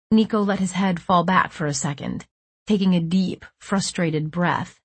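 Woman, audiobook narrator, tense, first-person, husky, dry close sound. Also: lowish voice, moderate pace, no echo.

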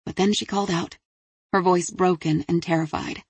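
A woman narrating an audiobook in a steady, measured way. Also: on the low side, slightly rough, no room sound. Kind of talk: scripted narration.

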